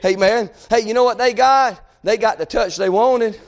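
A man preaching a sermon, swinging between shouted appeals and hushed passages. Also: high-pitched, normal speed.

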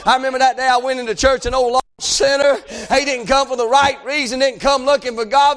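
A man preaching a fiery revival sermon, shouting and chanting in a drawn-out preacher cadence. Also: very high voice.

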